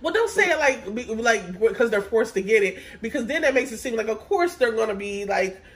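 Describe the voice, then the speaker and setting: A man co-hosting a podcast in relaxed casual chat, laughing easily. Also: sits high, a little fast. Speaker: podcast co-host.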